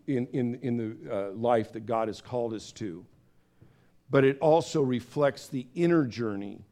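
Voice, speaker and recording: A man preaching a sermon in a conversational, storytelling way, acting out voices with big swings of pitch. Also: a little mellow. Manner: conversational, with fillers and restarts. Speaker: pastor.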